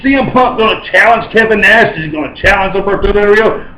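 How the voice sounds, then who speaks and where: A man giving an excited, rambling casual video review, often correcting himself as he talks. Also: high voice, fairly quick, hardly any pauses, reverberant, low-quality recording. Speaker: vlogger reviewing wrestling.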